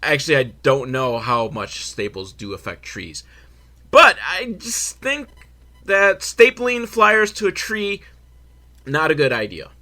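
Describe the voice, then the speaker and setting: Animated, sarcastic male movie recapper. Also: on the high side, unhurried. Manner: sarcastic, swearing, laughing at himself. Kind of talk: comedic film recap.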